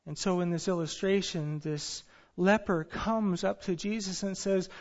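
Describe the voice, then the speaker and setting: Male pastor, sermon, high voice, earnest storytelling, dull lo-fi church recording. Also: fairly even intonation, unhurried, a little mellow. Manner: earnest preaching with storytelling and fillers. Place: church sanctuary.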